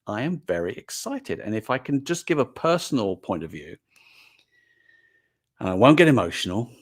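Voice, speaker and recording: A man's voice: medium pitch, vocal fry. An older man, talking casually and earnestly to viewers on a live stream as a toy brand manager, with frequent fillers and restarts.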